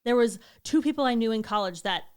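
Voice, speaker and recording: Animated young woman telling a story. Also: on the high side, fast talker, clean tone. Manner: animated storytelling, acting out quotes, swearing. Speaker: podcast co-host. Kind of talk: casual chat.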